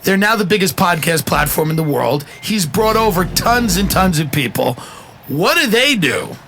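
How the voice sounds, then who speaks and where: A man hosting a casual podcast chat, animated, joking and profane, firing off questions. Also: high voice, normal speed, music in the background. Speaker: podcast host.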